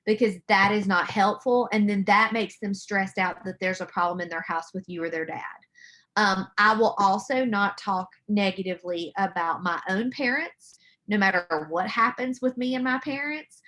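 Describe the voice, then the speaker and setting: Bright-voiced woman counselor presenting. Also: mid-range voice, moderate pace. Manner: earnest, conversational, many fillers and restarts. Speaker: mental health counselor presenting. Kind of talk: conference presentation. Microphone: video call.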